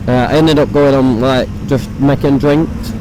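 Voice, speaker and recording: Hoarse young man. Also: mid-range voice, steady tone, measured pace, background noise. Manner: casual, swears often. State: hoarse, croaky voice. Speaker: motovlogger. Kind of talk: casual rambling chat while riding. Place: on a motorbike on city roads. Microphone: phone recording inside a helmet.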